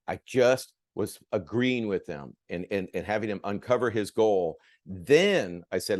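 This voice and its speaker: A man's voice: on the low side, measured pace, no echo, clean studio sound. A man leading a sales training, talking energetically to his group and checking in with them. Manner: energetic, addresses group with "guys" and "okay". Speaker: sales coach. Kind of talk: training talk with role-play.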